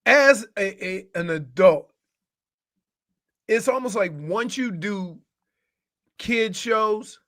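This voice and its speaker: Male radio co-host with a high, bright, ringing voice. Animated and rambling, in casual studio banter. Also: slow pace, pauses often. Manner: animated, rambling, trails off and restarts. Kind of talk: casual chat.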